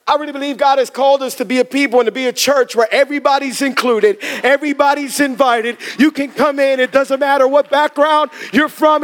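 A man preaching to a congregation as pastor, telling funny stories in an animated way. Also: very high voice, fast. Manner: humorous, animated storytelling to a congregation. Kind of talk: sermon. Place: church in front of a congregation.

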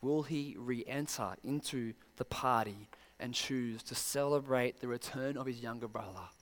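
A man's voice: mid-range voice, measured pace, in a large hall. A man preaching a sermon, pressing his listeners with pointed rhetorical questions.

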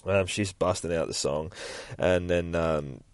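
Man, low voice, profane, rambling casual podcast, dry close sound. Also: a little slow, no echo. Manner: profane, rambling, laughs at himself. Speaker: podcast host. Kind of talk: casual comic book read-through. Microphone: phone.

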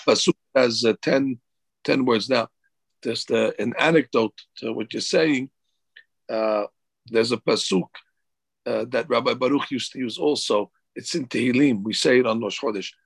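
A man's voice: medium pitch, normal speed, vocal fry, slightly rough, no echo, poor audio. A man, a rabbi, teaching a Torah class, reading Hebrew verses and explaining them in English.

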